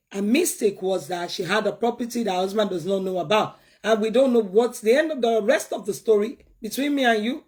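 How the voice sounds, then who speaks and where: A woman speaks in earnest talk-show commentary. She pleads and preaches, leaning on repeated words to drive each point home. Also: on the high side. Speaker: commentator giving advice.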